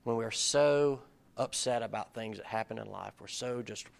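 A man's voice: medium pitch, normal speed, gravelly. A middle-aged man giving an informal, conversational sermon, earnest and at times building to emphatic peaks. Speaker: pastor or Bible study leader.

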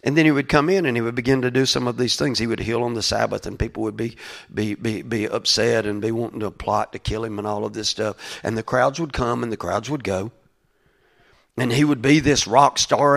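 A man preaching in a loose, conversational way, stumbling over restarts and fillers. His voice sits in a middle pitch and climbs louder and more urgent as he presses a point. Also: steady tone, normal speed, gravelly. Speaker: pastor. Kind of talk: sermon.

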